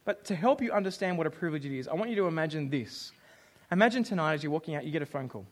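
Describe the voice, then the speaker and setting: Rapid-fire and fairly high-pitched, a young Australian man delivers a sermon as pastor. He jokes around animatedly and performs the voices of those he quotes.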